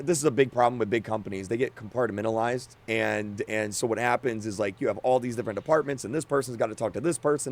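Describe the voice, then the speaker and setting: A young man, a game creator, giving a frustrated, emotional rant that is full of restarts and stammers. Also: mid-range voice. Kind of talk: on-camera rant.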